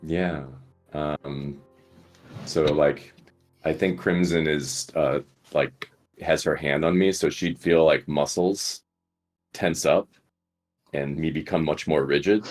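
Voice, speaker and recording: A man with a remarkably low voice describes his character's actions in a tabletop game. He talks casually, halting often with fillers. Faint music sits underneath. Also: steady tone. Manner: hesitant, full of fillers. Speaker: player. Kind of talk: casual tabletop role-play.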